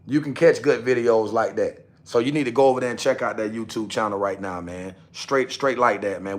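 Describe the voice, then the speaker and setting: A man's voice: mid-range voice, brisk. A young man hosting a casual livestream, repeating himself as he coaxes and scolds his chat. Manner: repetitive, coaxing viewers, talks straight to chat. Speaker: livestream host.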